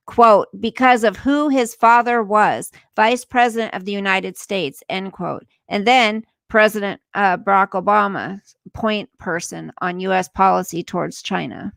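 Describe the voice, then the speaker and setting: A woman's voice: mid-range voice, vocal fry, fairly bright tone, no room sound. Woman, livestream host, indignant rant, frequent swearing, reads news aloud, dry close sound. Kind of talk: casual livestream commentary.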